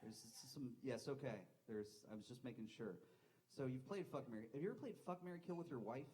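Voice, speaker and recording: A man's voice: medium pitch, fast, mellow, rough recording. A young man performing a live stand-up set, telling rambling, self-deprecating stories with lots of swearing into a handheld mic on a club stage. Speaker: stand-up comedian.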